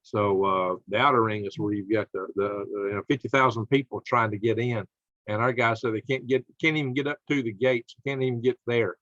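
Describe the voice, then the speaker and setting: A man's voice: mid-range voice, steady tone, a little fast, no room sound, muffled recording. A middle-aged man hosting his own channel, reading news aloud and commenting on it with indignant anger. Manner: angry, indignant, rising to shouts of outrage. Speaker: channel host.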